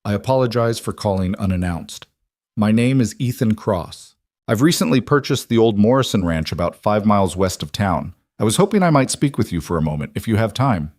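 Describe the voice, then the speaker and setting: Guy reading a polite quiet cowboy, low voice, dry. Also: animated, dry recording. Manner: courteous, measured. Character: polite, reserved young cowboy. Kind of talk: storybook reading.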